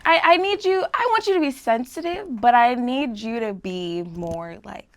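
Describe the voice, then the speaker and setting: A woman talking as a guest in a casual interview, laughing often and speaking in a lively way. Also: on the high side, crowd noise. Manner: giggly, lively, quick laughs. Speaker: guest artist.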